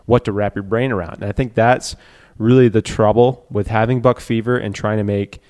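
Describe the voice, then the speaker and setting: A man with a fairly low voice tells a story in a loose, casual conversation. He is animated and gets wound up, acting out the scene as he goes. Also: a little fast.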